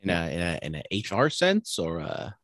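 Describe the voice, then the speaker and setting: A man's voice: low voice, wildly swooping pitch, moderate pace, fairly bright tone, no room sound, clean studio sound. A man co-hosting a podcast in casual banter, jokey and teasing. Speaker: podcast co-host.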